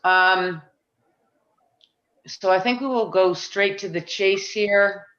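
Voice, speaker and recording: Woman running a town board meeting, talks it through out loud, kinda muffled lo-fi audio. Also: medium pitch, takes it slowly. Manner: chatty, self-deprecating, thinks aloud with restarts. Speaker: planning board chair. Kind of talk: public meeting chairing.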